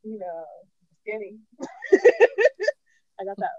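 A woman's voice: medium pitch, steady tone, takes it slowly, dry recording, highs cut off. A woman co-hosting a casual chat, telling stories animatedly and laughing often. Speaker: podcast co-host.

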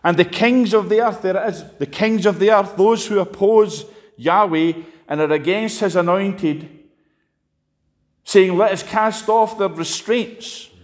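A man preaching a sermon, impassioned, swinging sharply between loud and quiet. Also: unhurried. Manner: impassioned, rises and drops sharply in pitch and volume. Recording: long hall reverb.

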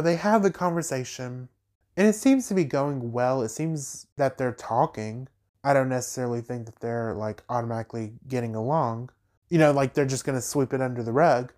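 A man hosting a podcast, recapping and ranting about reality TV in an animated, emphatic way with sassy asides. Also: mid-range voice. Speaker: podcast host.

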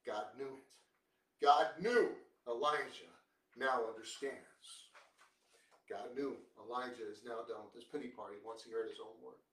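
A male preacher giving a sermon, emphatic, posing rhetorical questions and swinging between quiet and loud. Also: mid-range voice, recorded from a distance. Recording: roomy, from off the mic.

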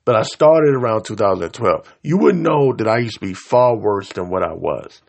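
A man's voice: on the low side, expressive, moderate pace, creaky. A man hosting his own podcast, delivering an angry, heated, profanity-laced rant and tripping over his words. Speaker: podcast host. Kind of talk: ranting solo podcast.

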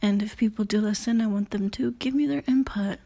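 A woman's voice: medium pitch, fairly quick, vocal fry, dark tone. A woman in her late teens hosting her own podcast, talking in a rambling, self-conscious way, swearing often and filling gaps with "you know" and "I don't know". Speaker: podcast host. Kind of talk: casual solo podcast talk.

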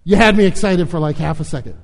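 A pastor talking casually and chattily in a slightly higher voice, trailing off into fillers as he retells a story. His voice carries through a large sanctuary with a long reverb. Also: fast talker. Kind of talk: sermon with storytelling.

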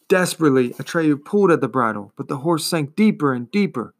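A man reading a fantasy novel aloud in a measured, expressive storytelling manner. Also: on the high side. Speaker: reader.

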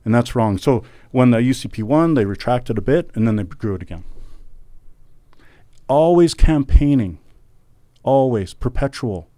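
Fervent middle-aged man, mellow voice. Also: mid-range voice, fairly quick, few pauses, no echo. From Canada. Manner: emphatic, repeats words, rising to fervent outbursts. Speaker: guest, former election candidate. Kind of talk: podcast interview, impassioned political talk.

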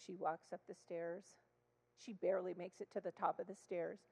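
A woman speaking in church as a child therapist, telling a story with animated acted-out dialogue. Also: on the low side, moderate pace, gravelly. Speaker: child therapist sharing testimony. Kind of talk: storytelling sermon. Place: church sanctuary. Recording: long hall reverb.

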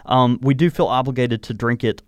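A man's voice: medium pitch, fairly even intonation, fairly quick, smooth, no echo. A man hosting a casual podcast chat, talking in an easygoing way while tasting and reviewing whiskey in a small home studio. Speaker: podcast host.

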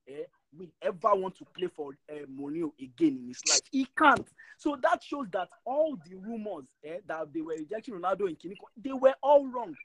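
Ranting high-voiced man. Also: lively intonation, brisk, fairly bright tone, no echo, poor audio. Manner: passionate, ranting, repeats words when worked up. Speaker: podcast co-host. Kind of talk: heated casual chat.

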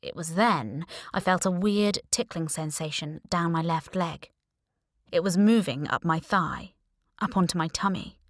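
Audiobook narrator, woman, lower register, dry close sound, deadpan humor. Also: no echo. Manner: wry, deadpan humor with hushed asides. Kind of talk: first-person audiobook narration.

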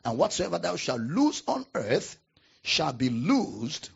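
Man preaching, husky gravelly voice, swooping pitch, dull lo-fi recording. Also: big pitch swings. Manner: preaching with dramatic pauses and emphatic repetition. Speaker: pastor. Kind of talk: sermon.

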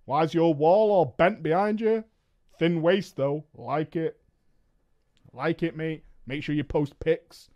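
A man streaming, reading a story aloud and breaking off with quick, joking reactions. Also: a little high, lo-fi sound. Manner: animated, swears and laughs often, reads in quick asides.

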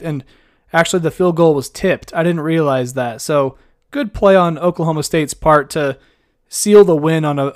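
A young man tells a funny story in a relaxed, chatty way, often poking fun at himself. His voice sits a little high. The sound is close and dry, with no room echo. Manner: chatty, self-mocking, laughs at his own story. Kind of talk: casual storytelling.

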